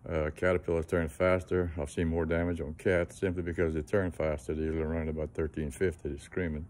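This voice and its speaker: Low, flat-voiced plainspoken man. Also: brisk. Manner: plainspoken, folksy, trailing fillers. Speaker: engine mechanic giving a tip. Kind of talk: casual how-to talk to camera.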